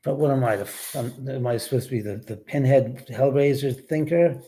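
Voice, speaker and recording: A man's voice: mid-range voice, normal speed, warm tone. A man hosting a casual livestream from his house, rambling and swearing freely as he talks to his dog and answers viewers. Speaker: livestream host. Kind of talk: casual live-stream chat.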